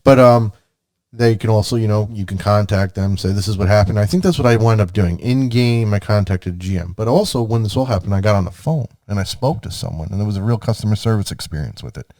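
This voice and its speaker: A man on a casual gaming podcast tells a story, slipping into animated bits where he replays what he said. He sits a little back from the mic, which catches his voice in a dry, dead room. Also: on the low side, fast, no echo, distant mic. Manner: animated, acts out his own past lines. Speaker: podcast co-host.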